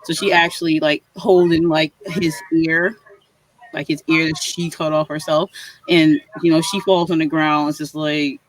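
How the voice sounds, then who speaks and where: A man's voice: a little high, little pitch movement, moderate pace, no room sound, poor audio. A man hosting a casual chat among writers on a video call, retelling a story in a rambling way full of "like". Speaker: host of a writing session.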